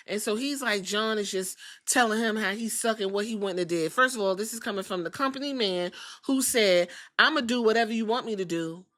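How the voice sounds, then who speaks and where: A woman's voice: mid-range voice, a little fast, a bit bright, no room sound. Blunt, profane woman podcast host. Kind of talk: casual commentary on a clip.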